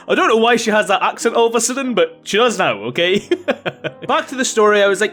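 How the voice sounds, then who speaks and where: A man's voice: high-pitched, lively intonation, fairly quick, fairly bright tone, soft background music. A man hosting a casual reaction vlog, chatty, laughing often and swearing mildly. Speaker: YouTube host.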